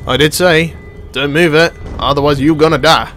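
Excitable man commentating a game. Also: fairly high pitch, moderate pace, slight background noise. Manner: excitable, exclaiming and swearing at the game. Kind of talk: live gameplay commentary.

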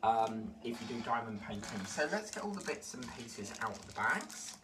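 A man's voice: medium pitch, very animated, moderate pace. Chatty man, distant noisy recording. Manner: chatty, rambling, easily delighted. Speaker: model-building vlogger. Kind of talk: casual unboxing commentary. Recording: distant mic with clear background noise.

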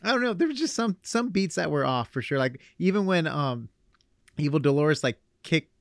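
A young man hosting a podcast, chatting casually in an animated way. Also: on the high side, creaky, no echo, clean studio sound. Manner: animated, quick asides and laughs. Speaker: podcast host. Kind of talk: casual chat.

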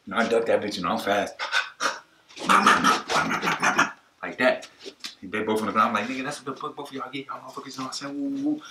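A young man telling a comedic story in rambling, boastful slang. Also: mid-range voice. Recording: roomy echo, faint noise.

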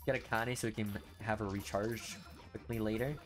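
A young man commenting on a mobile game he is streaming, grumbling low, then bursting out loud in frustration. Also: fairly even intonation, normal speed, faint music behind. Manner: frustrated ranting, swings from low muttering to loud outbursts. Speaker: gaming streamer. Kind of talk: casual gameplay commentary.

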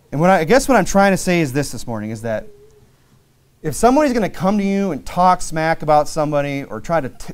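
A man preaching a sermon, reading scripture slowly and dramatically and then telling stories in a lively, casual way. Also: on the high side. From Caribbean island. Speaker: pastor.

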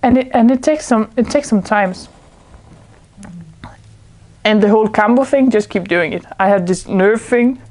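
A woman's voice: a little high, moderate pace, pauses often, darkish tone. A woman giving an informal spiritual talk to a small group indoors. She sounds earnest, searches for her words, and often laughs. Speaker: spiritual speaker.

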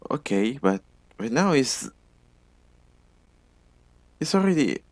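A man giving halting, nervous commentary while playing a game. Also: medium pitch, big pitch swings, no room sound. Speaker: game player. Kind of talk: let's play commentary.

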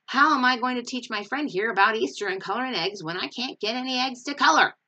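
A woman's voice: fairly high pitch, lively intonation, fast talker, pushed and bright, muffled recording, voice pushed up. A woman voicing a brash, bossy tomboy girl in a storybook read-aloud.

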